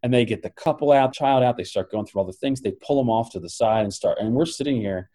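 A middle-aged man co-hosting a podcast, telling a travel story in an animated way and laughing often. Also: medium pitch, fast talker. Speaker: podcast co-host. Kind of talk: casual chat.

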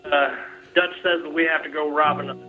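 A man's voice: a little high, steady tone, quick pace, narrow, tinny audio, soft background music. A man on a call-in show giving short, matter-of-fact replies to the host. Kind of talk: casual call-in chat.

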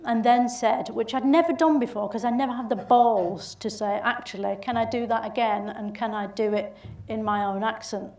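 Bolton woman chatting in an interview, bit high, laughs a lot, sounds off mic in a roomy space. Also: normal speed, few pauses, darkish tone, far from the mic. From England. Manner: chatty, laughing storyteller with restarts. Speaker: comedy actress guest. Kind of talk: casual interview chat.

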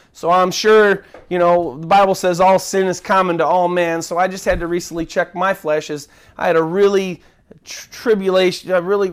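A man preaching a sermon as pastor, earnest, often repeating and restarting his words. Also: sits high.

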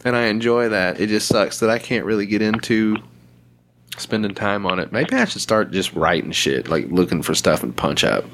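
A man's voice: lowish voice, normal speed, background noise. Profane, laughing man in casual chat. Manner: profane, laughs often, animated storytelling.

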